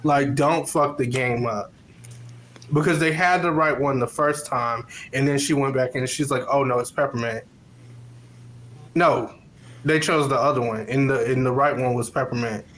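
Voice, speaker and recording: A man's voice: medium pitch, steady tone, moderate pace, a bit bright, low-quality recording. A man co-hosting a casual podcast, giving blunt, opinionated takes with casual cursing. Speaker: podcast co-host. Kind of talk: casual chat.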